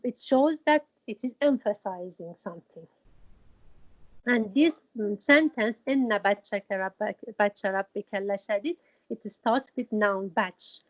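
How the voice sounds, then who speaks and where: A woman Quran teacher gives an explanatory lesson in a somewhat high voice, on a muffled, dull lo-fi recording. She's hesitant and halting, with many restarts and fillers, and she repeats key words for emphasis.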